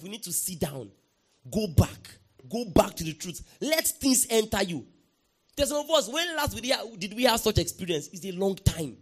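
A man with a fairly high voice preaches a sermon in an emphatic way. He keeps asking the congregation to answer back and breaks into sudden shouts. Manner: emphatic, calls for congregation response, bursts into shouts. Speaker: pastor.

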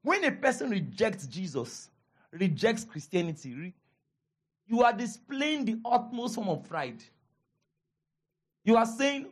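A man with a Nigerian accent preaching a sermon as pastor, animated, repeating his lines for emphasis and calling out to the congregation. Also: high voice, a little slow, pauses often, slightly rough.

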